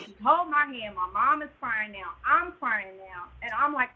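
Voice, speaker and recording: Woman guest on a phone line, husky, slightly high, gets loud when the story peaks. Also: normal speed, hardly any pauses. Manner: animated, rises to near-shouts at tense moments. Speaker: guest telling her birth story. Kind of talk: emotional storytelling.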